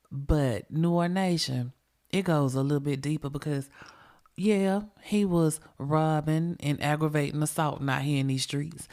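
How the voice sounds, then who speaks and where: Low-voiced, profane true crime podcaster. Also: female voice, a little mellow. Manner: profane, emphatic, conversational, addresses listeners directly. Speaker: podcast host.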